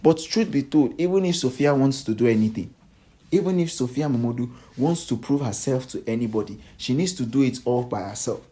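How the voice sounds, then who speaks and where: A man's voice: medium pitch, animated, fairly quick, mellow. A man delivering a solo gossip commentary, repeating himself for emphasis and asking rhetorical questions.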